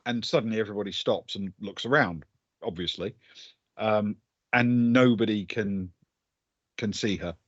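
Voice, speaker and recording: A man's voice: fairly low pitch, dry recording. Game master man with a dull dry mic. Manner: measured, hesitant with frequent ums. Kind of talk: narrating a tabletop game.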